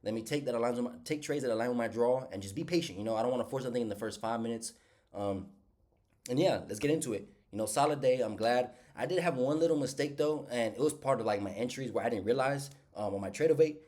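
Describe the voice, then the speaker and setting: A man's voice: mid-range voice, quick pace, a little mellow. A congested man, casually recapping his day trades for viewers in a slangy, talkative way.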